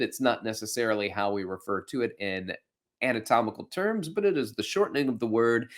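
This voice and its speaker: A man's voice: mid-range voice, fairly bright tone. A man hosting a fitness podcast, explaining anatomy in a casual, playful way with jokey asides. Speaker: podcast host and fitness instructor.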